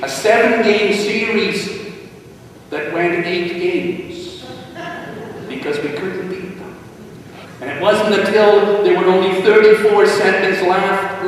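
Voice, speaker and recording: A man preaching a sermon, telling a personal story with animated, dramatic swings in his voice, recorded from a distance in a large church sanctuary. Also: fairly high pitch, a little hiss or hum. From Wales. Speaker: pastor. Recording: echoey hall, distant mic.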